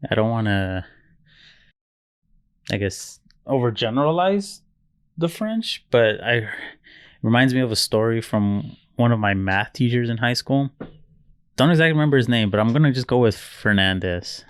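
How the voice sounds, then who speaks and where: A young man co-hosting a podcast, telling stories in a relaxed, loose, casually profane way. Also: mid-range voice, moderate pace, pauses often, clean tone, no echo, clean studio sound. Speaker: podcast co-host. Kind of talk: casual chat.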